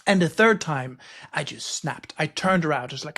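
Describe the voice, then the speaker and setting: A man hosting a podcast interview in a casual conversational way, telling stories with lively acted-out quotes. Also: fairly high pitch, moderate pace, vocal fry. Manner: lively storyteller, acts out quoted lines. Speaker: podcast host.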